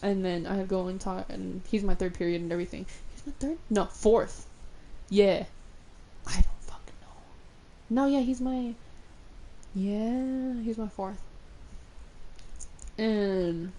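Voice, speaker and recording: Young woman streaming and just telling stories, mellow voice, says "like" a ton, swears a lot, laughs a bunch. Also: mid-range voice, steady tone, a little slow, long pauses, a little hiss or hum. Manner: rambling, full of "like" fillers; swears freely and laughs often. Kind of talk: casual storytelling while gaming.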